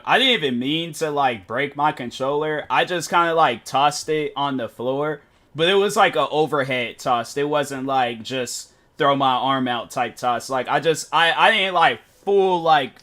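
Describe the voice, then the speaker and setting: A man's voice: medium pitch, normal speed, a bit bright. A young man chatting casually while live-streaming games, telling rambling stories full of fillers. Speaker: game streamer.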